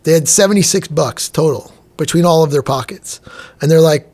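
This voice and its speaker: Animated man telling stories, slightly high voice. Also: brisk. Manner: animated, acts out quoted dialogue, casual. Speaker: chef and restaurant owner, podcast guest. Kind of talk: storytelling in a podcast interview.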